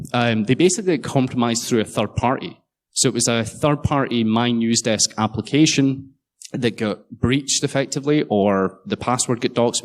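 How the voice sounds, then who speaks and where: Man, conference speaker, sarcastic joker, mid-pitched, casual swearing. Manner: jokey, sarcastic, swears freely. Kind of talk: conference talk. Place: conference hall.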